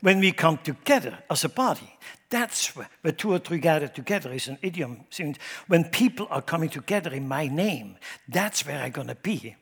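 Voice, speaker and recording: A man preaching a sermon who speaks emphatically, swinging his loudness up and down and asking his congregation rhetorical questions. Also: a little high, expressive, moderate pace, vocal fry, breathy edge. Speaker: pastor. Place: church sanctuary. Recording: long hall reverb.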